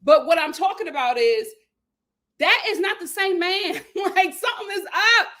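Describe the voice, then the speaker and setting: A woman's voice: very high-pitched, moderate pace, bright, forceful tone. A woman hosting a casual reality TV recap and reading viewer comments, opinionated and talking straight to her audience. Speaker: host.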